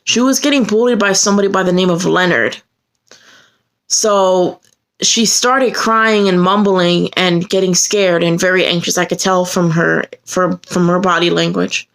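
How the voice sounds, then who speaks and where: With a fairly bright, steady tone and moderate pace, a woman recounts a personal story to camera in an earnest manner. Her heated telling rises sharply in pitch whenever indignation takes hold.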